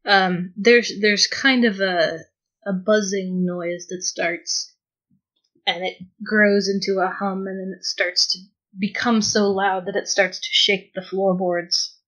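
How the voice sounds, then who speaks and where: A woman playing a tabletop game, describing her character's actions slowly and hesitantly. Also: medium pitch, fairly even intonation, a bit bright, rough recording. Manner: slow, hesitant, with restarts. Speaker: player.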